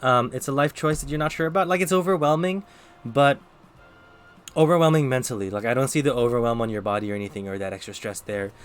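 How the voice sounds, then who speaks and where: A man's voice: mid-range voice, fast talker, clean tone, faint music behind. A man streaming live, giving casual tarot readings and chatting with viewers, thinking aloud with lots of fillers. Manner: talks to chat between readings.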